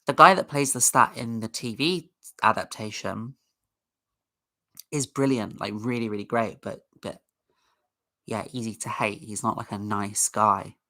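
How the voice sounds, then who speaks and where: A woman's voice: extremely low pitch, a little slow, pauses often, pushed and bright. A woman hosting a casual livestream, chatting in a rambling way and greeting viewers in the chat. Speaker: livestream host.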